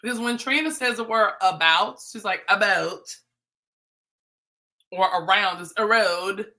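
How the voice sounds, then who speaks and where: A woman's voice: medium pitch, expressive, fairly quick, sharp tone. A woman hosting a livestream, giving chatty, playful commentary on a reality show and teasing as she goes. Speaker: livestream host.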